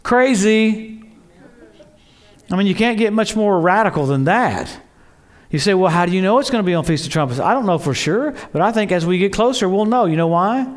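Male preacher, high voice, excitable, storytelling sermon. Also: brisk. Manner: excitable, storytelling, acts out quotes with laughs.

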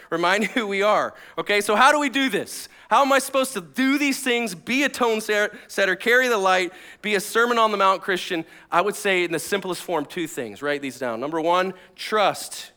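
A man, a pastor and former firefighter, preaching with personal stories in an energetic, conversational way that swings between loud bursts and hushed asides. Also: high voice, a little fast, smooth.

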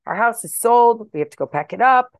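A woman in her fifties telling a story to her viewers in a chatty, animated way, with exasperated asides. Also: fairly high pitch, a little fast, no room sound, studio quality. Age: 50s. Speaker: vlogger and wellness coach.

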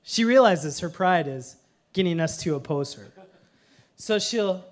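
A man preaching a sermon in a conversational way, mixing humorous family stories with earnest teaching and swinging from hushed lines to loud ones. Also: sits high, lively intonation, measured pace. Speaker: pastor.

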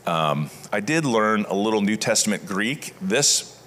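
A man's voice: lowish voice, animated, measured pace, fairly bright tone, a little hiss or hum. A man preaching a sermon, reading scripture aloud and then explaining it in a conversational way. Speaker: pastor.

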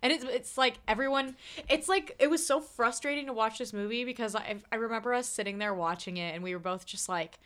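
Animated young woman in casual chat. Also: on the high side, brisk, hardly any pauses. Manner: animated, swearing, laughing asides. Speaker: podcast co-host. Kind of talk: casual movie recap chat.

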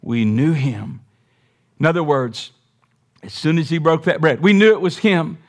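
High-voiced man preaching emphatically. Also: lively intonation, moderate pace. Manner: emphatic preaching with rhetorical questions and call for amen. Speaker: pastor. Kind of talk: sermon.

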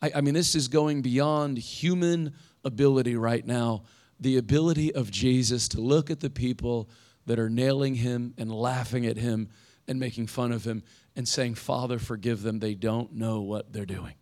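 A man's voice: mid-range voice, moderate pace, darkish tone. A young adult man, a pastor giving a conversational sermon and reading scripture aloud. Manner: conversational preaching, reads scripture aloud with rising intensity.

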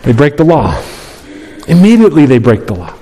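Emphatic preacher in a reverberant hall. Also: male voice, fairly high pitch, big pitch swings, brisk, dark tone, slight background noise. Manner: emphatic, repeats key phrases, acts out quoted voices. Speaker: pastor. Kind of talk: sermon. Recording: long reverb of a large hall.

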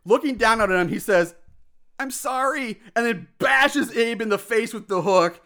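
A man casually recapping a film plot as a podcast host, animated, acting out shouted lines and laughing often. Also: high voice, normal speed. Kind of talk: casual chat.

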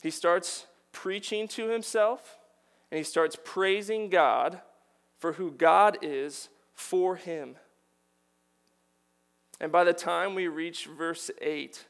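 A man's voice: on the high side, slow, gravelly, long pauses, a bit bright. A man preaching a sermon, earnest and building to emphatic declarations.

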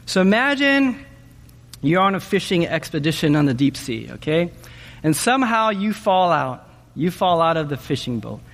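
High-voiced man preaching in a big hall. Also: moderate pace. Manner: animated, asks the audience questions, says "okay?" often. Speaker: pastor. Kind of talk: sermon.

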